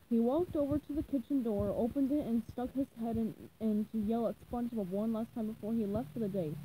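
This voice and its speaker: A woman reads a children's storybook aloud, lively and expressive. Her voice is fairly high and mellow. Her pitch rises and falls a lot, with a faint hiss behind her. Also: brisk, hardly any pauses, low-quality recording. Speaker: reader. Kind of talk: storybook reading.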